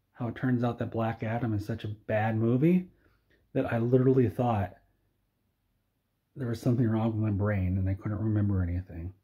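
A man delivering a sarcastic comedic movie rant in a deadpan, mock-earnest way, often stumbling over his words and restarting. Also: on the low side. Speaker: video creator. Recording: dull lo-fi recording.

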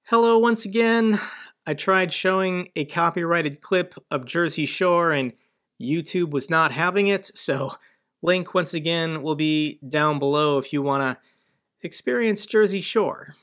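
Male commentary host from the US, slow delivery, dry sardonic edge. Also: on the high side, a bit bright. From United States. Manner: sardonic, mocking asides. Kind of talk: online news commentary.

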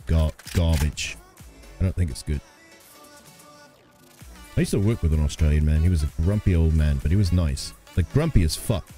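A man's voice: rumbling low, moderate pace, pauses often, dark tone. Joking, swearing male game streamer. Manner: joking, swearing, playing up a mock Australian twang. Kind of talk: casual live gaming commentary. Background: game music and gunfire.

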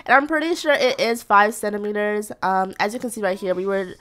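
A young woman casually commentating a life-simulation game as channel host, chatty and excitable, often laughing. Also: mid-range voice, fairly quick. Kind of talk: casual let's-play commentary.

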